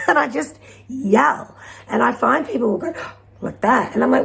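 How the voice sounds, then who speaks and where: A woman giving a gentle, encouraging spiritual card reading to her viewers, rambling at times. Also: on the high side, wildly swooping pitch, normal speed, creaky, slight background noise. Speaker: intuitive card reader.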